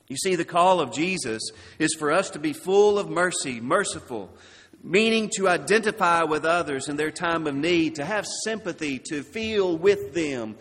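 A man preaching a sermon, slow and deliberate, dropping his voice low and soft on key words. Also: expressive, in a large hall.

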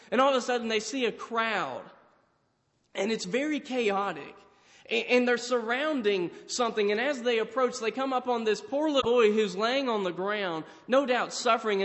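A man's voice: sits high, a bit bright. A man preaching a sermon, retelling a story dramatically and acting out the voices of its characters. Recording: hall reverb.

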